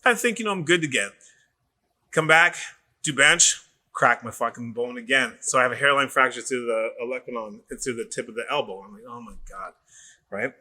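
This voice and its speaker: A middle-aged male trainer chatting casually on a podcast. His voice is bright, forceful and tense, and his middle-of-the-road pitch jumps whenever he acts out the people in his stories. He swears often and talks in loose, rambling runs. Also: fairly quick. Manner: animated storyteller who acts out quoted voices and swears freely. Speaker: personal trainer.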